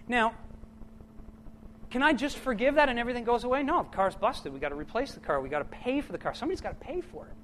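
A middle-aged man preaching a sermon to his church, impassioned, swinging from loud bursts to hushed, quiet lines. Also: high-pitched, sing-song, fairly quick, slight background noise, rough recording.

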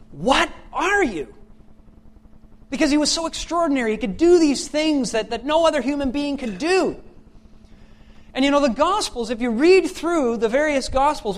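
A man preaching a sermon after a scripture reading, chatty with fillers and restarts, building to emphatic questions. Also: very high voice.

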